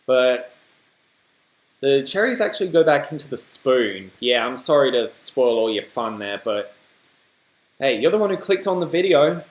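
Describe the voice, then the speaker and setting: A man with an Australian accent and a medium-pitched, expressive voice hosts a reaction video at a moderate pace. His commentary is chatty and rambling, full of self-deprecating asides. The room sounds echoey.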